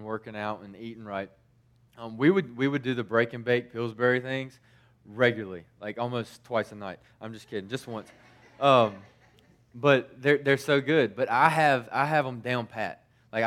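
A man's voice: mid-range voice, a bit bright. A man in his thirties, a youth pastor, telling stories in a casual sermon, stumbling through frequent restarts and fillers.

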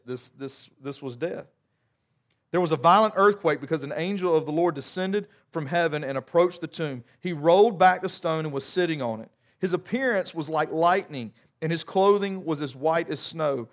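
A male pastor, preaching a conversational sermon with joking asides and frequent restarts. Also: fairly high pitch.

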